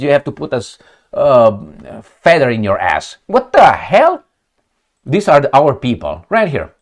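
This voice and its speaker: A man commenting on news headlines with heated sarcasm, rhetorical questions and frequent profanity. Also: mid-range voice. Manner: mocking retorts and rhetorical questions. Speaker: political commentator.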